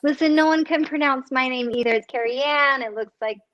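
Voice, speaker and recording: Bubbly, high-voiced woman cookbook author. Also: brisk, a bit bright, muffled recording. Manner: laughs often, bubbly and self-teasing. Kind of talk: casual chat during a book launch.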